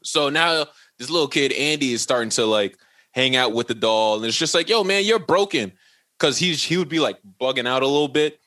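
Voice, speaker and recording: A man's voice: mid-range voice, fairly quick. A man on a podcast casually retelling a movie plot, acting out each character's lines with plenty of swearing. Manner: animated storyteller who acts out the characters' lines, swearing and laughing. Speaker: podcast co-host.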